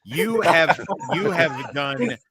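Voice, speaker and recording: A man's voice: fairly high pitch, lively intonation, takes it slowly, crowd noise. A man chatting on a stream in a teasing, emphatic way, with lots of swearing. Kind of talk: casual panel chat.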